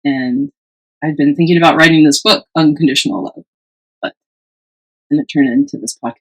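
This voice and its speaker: A woman's voice: sits low, brisk, breathy edge, poor audio. A woman co-hosting a podcast, chatting casually and telling a personal story with animation, often laughing and acting out what others said. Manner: animated, acts out quoted voices, laughs often. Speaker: podcast co-host.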